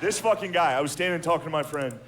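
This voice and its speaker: A man's voice: on the high side, quick pace. A man doing a stand-up comedy routine, telling profane, self-deprecating stories. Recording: clear background noise.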